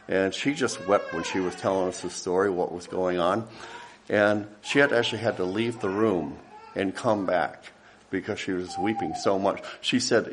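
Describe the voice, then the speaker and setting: A middle-aged man, a missionary, tells stories in a casual, rambling way while showing pictures, often restarting and chuckling. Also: lowish voice. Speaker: missionary giving a ministry update. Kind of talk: casual slideshow talk.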